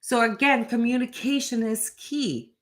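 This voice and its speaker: A woman's voice: fairly high pitch, fairly even intonation, unhurried. A middle-aged woman hosting a live reading, talking straight to her viewers in a direct, chatty way and often asking "right?". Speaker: tarot reader and channel host.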